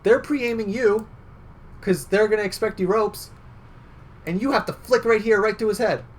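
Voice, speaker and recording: A young man with a high-pitched voice gives casual game coaching at a moderate pace. He's chatty and loose, heavy on fillers, and keeps tagging "right?" onto his sentences.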